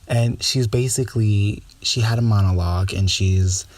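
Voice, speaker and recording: A young man chats alone on his podcast in a sassy, gossipy monologue. His voice sits fairly low and sounds warm and relaxed, and he fills his talk with lots of filler words. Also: moderate pace, no room sound. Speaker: podcast host. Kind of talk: casual solo podcast monologue.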